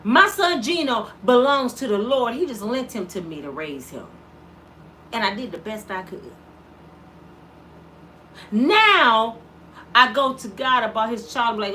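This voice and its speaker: A woman's voice: a little high, very animated, unhurried, pauses often, sharp tone, slight background noise. A middle-aged woman giving an impassioned vlog monologue as a mother, preaching with rhetorical questions in casual dialect. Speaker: mother of an inmate, vlogger.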